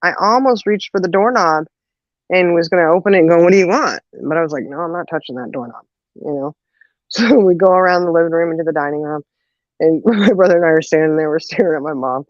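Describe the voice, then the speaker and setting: A woman's voice: lowish voice, quick pace, no echo. Woman, casual storyteller, laughs a lot, acts out voices, dry close sound, slightly dull lo-fi. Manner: animated, laughs often, acts out quoted voices. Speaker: podcast co-host telling a story.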